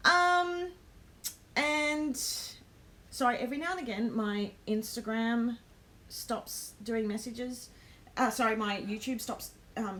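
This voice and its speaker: Chatty Australian woman, slightly high voice. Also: a bit bright, a little hiss or hum. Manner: chatty, lots of ums, nervous laughs. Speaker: live stream host. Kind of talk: casual live-stream storytelling.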